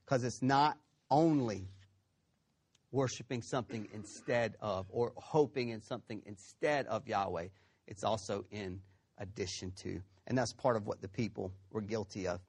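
A man preaching a sermon, retelling a story with lively acted-out quotes and frequent check-ins like "okay?". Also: lowish voice, normal speed, slightly rough. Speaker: pastor.

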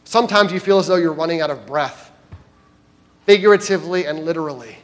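A man's voice: on the high side, brisk. A man preaching a sermon as pastor at a church service, addressing the congregation directly and earnestly.

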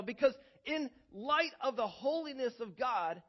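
High-voiced, animated male preacher. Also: measured pace. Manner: animated storytelling with many repeated words. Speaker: pastor. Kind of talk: sermon. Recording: dull lo-fi recording.

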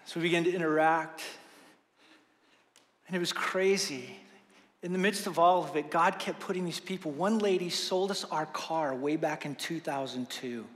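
Fervent high-voiced male pastor preaching. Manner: swings from hushed and slow to loud and fervent. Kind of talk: sermon. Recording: long hall reverb.

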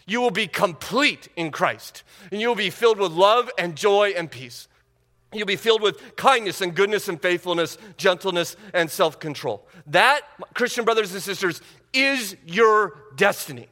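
A man delivers a sermon from the pulpit, driving home his points through repetition. His voice sits high and bright, and each phrase rings out into a long, reverberant hall. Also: normal speed. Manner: emphatic preaching with rising intensity; repeats phrases for emphasis. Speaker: pastor.

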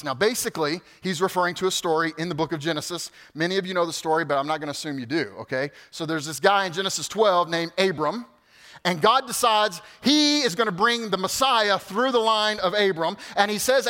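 A man preaching a sermon as pastor, in an animated, conversational way with asides to the congregation. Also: high-pitched, fairly quick, big-room sound.

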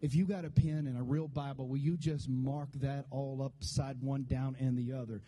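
A man's voice: medium pitch, fairly even intonation, moderate pace, mellow. A male pastor preaching a sermon, joking and leading call-and-response with the congregation.

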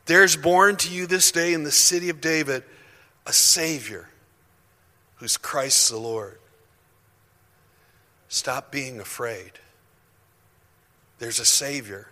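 A man preaching a sermon as pastor, impassioned and building to near-shouts. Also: fairly high pitch, takes it slowly, long pauses. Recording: long hall reverb.

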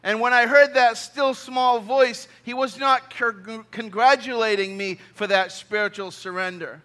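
A man's voice: very high voice, steady tone, unhurried, bright, forceful tone. A man preaching a heartfelt sermon and leading a closing prayer, earnest, often repeating words and restarting phrases. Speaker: pastor.

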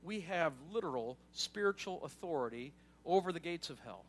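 A man with a high, light voice preaching a sermon. He talks to the congregation conversationally, tossing in asides and checking in with a quick "right?" as he explains his point. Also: expressive. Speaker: pastor.

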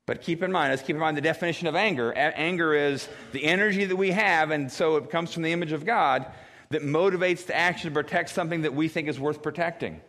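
A pastor preaching a sermon, acting out quoted voices in a high wail and a grave low tone. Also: male voice, fast talker, fairly bright tone. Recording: long reverb of a church hall.

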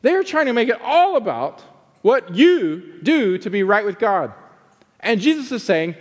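A man preaching a sermon as a pastor, swinging between forceful emphasis and hushed pleading. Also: sits high, very animated, measured pace, in a large hall.

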